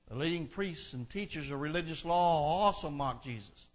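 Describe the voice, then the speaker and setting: A man's voice: a little high, animated, normal speed. A man preaching a sermon, reading scripture aloud and then explaining it in an earnest delivery that builds in intensity. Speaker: pastor.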